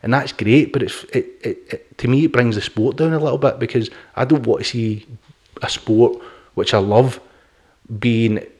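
A man's voice: medium pitch, moderate pace, a little mellow. A middle-aged man hosting a podcast, talking bluntly and opinionatedly, swearing and laughing often. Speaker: podcast host. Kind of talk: casual podcast chat.

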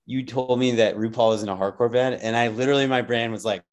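A man hosting a podcast, rambling and riffing excitedly in casual chat. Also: mid-range voice, fast talker. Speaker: podcast host.

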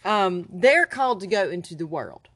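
A woman's voice: fairly low pitch, big pitch swings, moderate pace, fairly bright tone, no room sound. A woman co-hosting a casual talk show, laughing often as she reads from her notes. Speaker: podcast co-host. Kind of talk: casual chat.

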